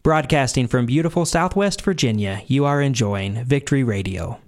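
A man's voice: medium pitch, expressive, moderate pace. A man reading a station ID and a sponsor message in an upbeat, projected announcer delivery. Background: guitar music.

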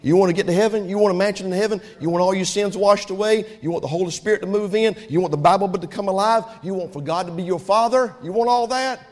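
Pastor, high-pitched, preaching in a reverberant church. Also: male voice, quick pace, hardly any pauses. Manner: preaching with rising shouts and call-and-response. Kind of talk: sermon. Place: church sanctuary. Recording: long hall reverb.

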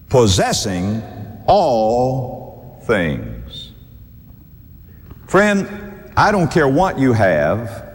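Animated preacher man in an echoey hall. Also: on the low side. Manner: animated, drawn-out scripture quotes, warm chuckles. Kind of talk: sermon.

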